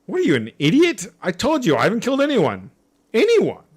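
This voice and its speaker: A man's voice: mid-range voice, big pitch swings, normal speed, lightly acted. A man voicing an irritable middle-aged male hostel manager in a game, snapping in exasperation. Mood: exasperated.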